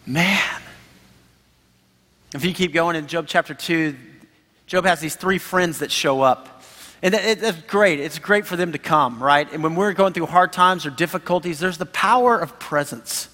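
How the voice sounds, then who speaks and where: A man preaching a sermon as pastor, animated and conversational, acting out the voices he quotes. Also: on the high side, moderate pace. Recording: reverberant hall.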